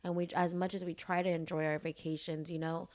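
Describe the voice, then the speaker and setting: A woman's voice: lowish voice, little pitch movement, a little fast, a little mellow. A young woman co-hosting a casual podcast, chatty and laughing often. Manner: chatty, laughs often, echoes her partner. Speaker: podcast co-host. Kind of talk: casual chat.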